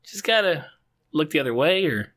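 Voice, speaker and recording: A man's voice: fairly high pitch, lively intonation, normal speed, a bit bright. A man in his thirties co-hosting a podcast, chatting offhand and swearing casually. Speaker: podcast co-host. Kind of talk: casual chat.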